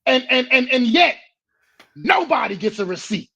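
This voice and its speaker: A man co-hosting a sports talk show, ranting bluntly and profanely in a deliberate, emphatic way. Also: very high voice, sing-song, gravelly, sharp tone, slight background noise. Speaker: co-host. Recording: dull lo-fi mic.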